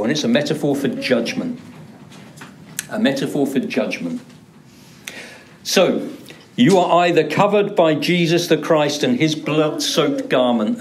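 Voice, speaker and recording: A man's voice: mid-range voice, slight background noise. A male pastor preaching a sermon, driving points home by repeating words for emphasis. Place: church.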